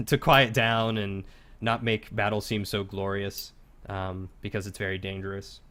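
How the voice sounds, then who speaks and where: A man narrating as game master in a tabletop game, describing scenes in a halting, loose way. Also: on the low side, fairly bright tone.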